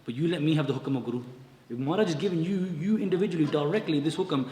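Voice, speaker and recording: A man's voice: a little high, very fast, dark tone, a little hiss or hum, voice pushed up, natural voice. Eager, insistent male thief voiced by a male storyteller, raised voice, echoey distant hall.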